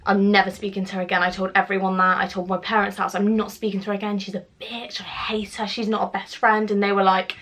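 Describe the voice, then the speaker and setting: A woman's voice: medium pitch, little pitch movement, rapid-fire, hardly any pauses, a bit bright. A young woman tells a casual storytime to camera, chatty and swearing freely as she acts out what people said. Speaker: vlogger.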